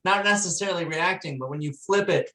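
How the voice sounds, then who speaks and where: A woman student asking a question in a hesitant, halting way, searching for words. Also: lowish voice, a bit bright, low-quality recording.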